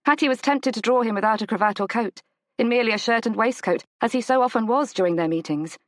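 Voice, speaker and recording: A woman narrating a romance audiobook in a measured, gentle storytelling manner. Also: no echo. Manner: measured, gentle storytelling, lifts pitch for the heroine's lines. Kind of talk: scripted narration of a romance novel.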